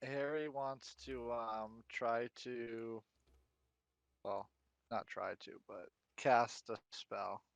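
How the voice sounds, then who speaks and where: A man's voice: mid-range voice, fairly even intonation, very slow, vocal fry, smooth, no room sound. A man playing a tabletop game, hesitant and thinking aloud. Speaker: player. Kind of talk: casual chat. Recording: dull lo-fi mic.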